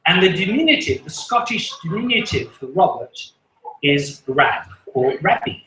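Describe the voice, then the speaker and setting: A man's voice: on the high side, big pitch swings, normal speed, pushed and bright, a little hiss or hum. A man with an English accent doing self-deprecating stand-up comedy at an open mic, chuckling at his own jokes. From England. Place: small live venue. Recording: echoey room.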